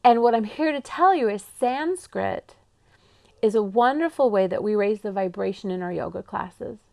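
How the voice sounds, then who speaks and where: A woman yoga teacher giving an animated, enthusiastic teaching talk, slowing to drawn-out calm phrases. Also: mid-range voice, creaky. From Pacific Northwest.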